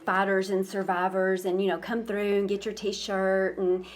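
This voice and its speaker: A woman's voice: mid-range voice, flat delivery. A woman, a school principal, talks with a podcast host in a casual interview, often stumbling and repeating her words as she begins. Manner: halting, repeats words when starting sentences.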